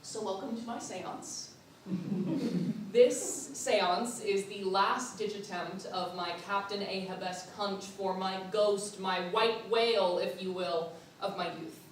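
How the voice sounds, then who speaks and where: A young woman performs a spooky personal story as a theatrical monologue. Her delivery is playful and animated, with frequent laughter. The voice is distant from the mic and wrapped in heavy hall echo over faint ambience. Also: medium pitch, slow pace, slight background noise. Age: young adult. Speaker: student performer. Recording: echoey hall from far off.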